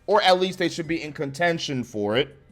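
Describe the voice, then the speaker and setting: A man tears into a wrestling show with blunt, sweary sarcasm. His voice sits a little high for a man. Soft music plays faintly behind him. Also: expressive, a little fast. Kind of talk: profane ranting review.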